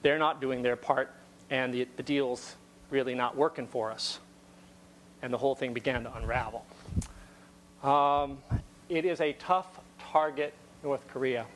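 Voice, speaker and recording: A man's voice: medium pitch, measured pace, long pauses, fairly bright tone, slight background noise. A man giving a talk to an audience, telling a story conversationally with wry asides and frequent repeated words.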